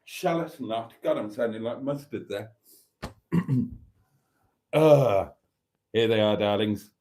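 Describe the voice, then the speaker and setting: A man's voice: fairly low pitch, slow pace, dark tone. A man hosting a live stream, reading out viewer comments in a camp, theatrical way and calling everyone darling.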